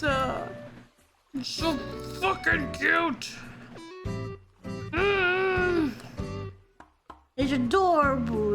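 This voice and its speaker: A woman streamer chatting casually with her viewers, excitable and squealing, swearing freely. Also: high voice, takes it slowly, music in the background. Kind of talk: casual live-stream chat.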